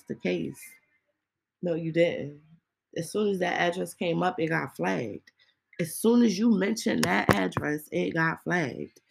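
A woman on a podcast ranting with heated indignation and firing off rhetorical questions. Her voice sits fairly low, with a gravelly fry and a husky, breathy grain. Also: low-quality recording. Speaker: podcast host. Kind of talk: casual ranting monologue.

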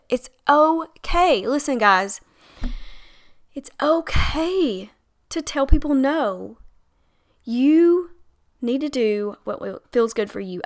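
A woman's voice: fairly high pitch, a bit bright, smooth. A woman hosting her own podcast, giving chatty, encouraging advice on setting boundaries and laughing now and then. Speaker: podcast host and coach. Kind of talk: casual solo podcast advice.

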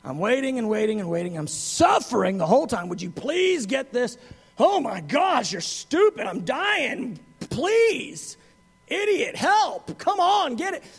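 A man's voice: very high-pitched, sing-song, a little slow, breathy edge, long reverb tail, exaggerated voice. A man putting on an exasperated scolding God. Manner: mocking, impatient, shouting insults. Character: exasperated male God scolding like a fed-up teacher.

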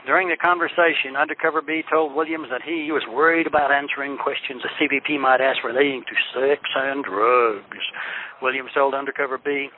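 A man's voice: mid-range voice, fairly even intonation, a little fast, a little hiss or hum. Man reading documents, dull lo-fi sound. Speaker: reader of court documents.

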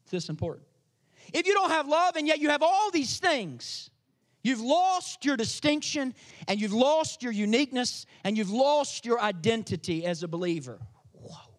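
A male pastor delivering a sermon with a strikingly high-pitched voice. He preaches with energy and drama, shifting between loud emphatic lines and quiet asides. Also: sing-song, moderate pace.

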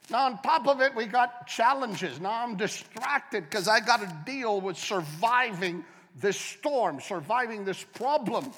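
A man preaching a sermon as a guest speaker, dramatic and joking, swinging from quiet talk to shouting. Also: high-pitched, in a large hall.

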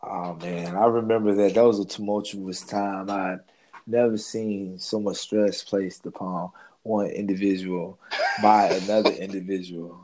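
A man's voice: low voice, fairly even intonation, measured pace, darkish tone, slight background noise. A young man telling a school story in casual chat, laid-back and slangy, laughing as he goes. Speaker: co-host.

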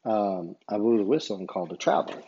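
A man's voice: fairly low pitch, a little fast, warm tone, highs cut off, a little hiss or hum. A man who referees basketball, casually telling a story in a rambling way and retelling each exchange line by line. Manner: rambling, retells dialogue with many "I said".

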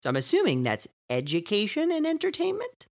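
A man's voice: sits high, wildly swooping pitch, fairly quick, gravelly. A young man co-hosting a gaming podcast in a casual, wry, easygoing way. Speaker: podcast co-host.

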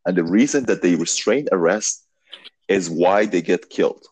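A man telling a long story in a casual podcast conversation, animated and full of fillers, swearing now and then. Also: low-pitched, moderate pace, slightly rough, dry recording.

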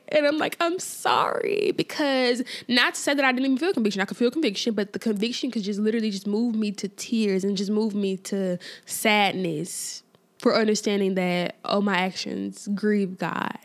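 Woman, casual podcast host, fairly high voice, repeats herself for emphasis. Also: fairly bright tone. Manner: conversational, repeats phrases for emphasis, many fillers. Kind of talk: casual faith-based podcast monologue.

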